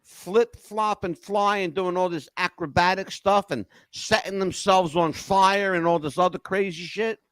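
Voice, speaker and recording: An older man hosting a podcast, telling animated stories in an emphatic way and checking in with "okay?" as he goes. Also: high-pitched, unhurried, few pauses, clear, resonant tone, dry recording. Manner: emphatic, keeps asking "okay?". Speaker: podcast host. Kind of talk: animated storytelling chat.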